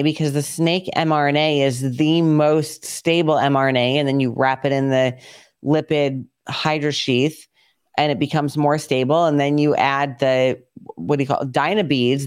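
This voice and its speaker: Woman, podcast host, casual rambling chat, quick bursts, dry close sound. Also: low-pitched, smooth, no room sound.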